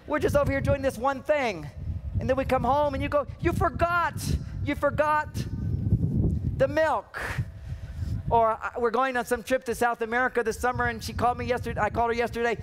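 A man's voice: extremely high pitch, fairly even intonation, quick pace, noisy background. A man giving a humorous seminar talk on an outdoor stage, playfully acting out the voices he quotes. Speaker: seminar speaker. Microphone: microphone catching wind.

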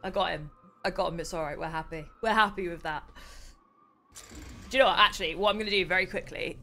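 A young British woman hosting a casual gameplay livestream, excitable, chatty and quick to mock herself. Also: lowish voice. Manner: excitable, chatty, self-mocking. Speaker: streamer host.

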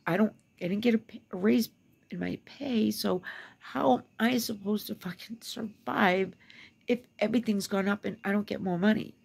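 A woman's voice: medium pitch, normal speed, gravelly, darkish tone, slightly rough. A woman venting to the camera, upset and close to tears, swearing as she swings between whispers and angry outbursts. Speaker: vlogger venting. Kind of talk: emotional rant to camera.

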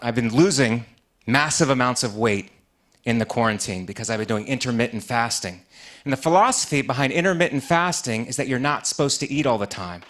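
A man doing a stand-up comedy set with deadpan punchlines in a TV studio. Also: medium pitch, a little fast.

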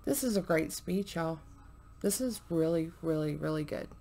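A woman's voice: sits low, lively intonation, normal speed, mellow. A woman hosting a reaction video, chatting casually to viewers, with many fillers, sometimes dropping to a murmur.

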